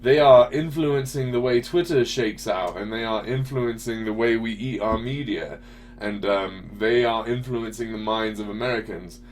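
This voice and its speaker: A man's voice: mid-range voice, normal speed, a little hiss or hum. A man hosting a casual talk show, ranting with swearing and rhetorical questions. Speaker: podcast host. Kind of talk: casual political chat.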